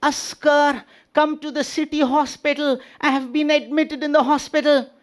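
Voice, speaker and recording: A man voicing a bedridden male friend in hospital who speaks low and strained. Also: flat delivery, normal speed. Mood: weak. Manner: low, strained, quiet speech.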